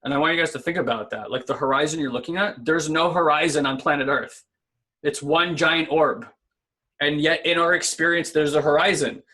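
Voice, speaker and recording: A man's voice: a little high, a little fast, pushed and bright. A man co-hosting a casual spiritual self-help talk, earnest and conversational, often checking in with "right?". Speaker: podcast co-host.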